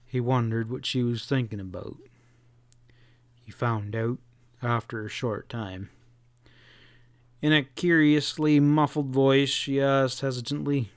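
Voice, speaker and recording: A man reading a western novel aloud as an audiobook narrator, in a steady storytelling read. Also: mid-range voice, slow pace, long pauses, dry recording. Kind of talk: scripted narration.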